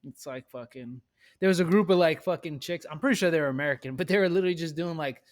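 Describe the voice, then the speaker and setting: A man chatting casually on a podcast with friends, his voice sitting a little high. He tells stories in a loose, profane, animated way. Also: fast. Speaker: podcast co-host. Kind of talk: casual chat.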